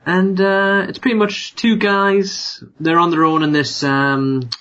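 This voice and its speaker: A man co-hosting a podcast in casual chat, joking and reacting quickly. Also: high voice, flat delivery, fairly bright tone, lo-fi sound. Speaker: podcast co-host.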